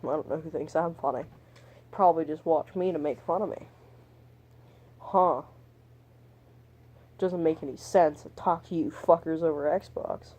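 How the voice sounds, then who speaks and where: A young man tells a story to camera in a loose, meandering vlog style. His voice is soft and mellow, and his talk is crude and full of swearing. He keeps drifting off topic and dropping mumbled, whispered asides. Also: on the high side, measured pace, long pauses. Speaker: vlogger. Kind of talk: rambling storytime monologue.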